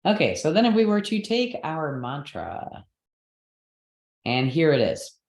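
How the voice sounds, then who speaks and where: A man's voice: fairly high pitch, big pitch swings, a little slow, darkish tone. Patient man teaching in an echoey room. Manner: patient, explanatory, checks in with "okay" and "right". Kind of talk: online lesson on Sanskrit pronunciation.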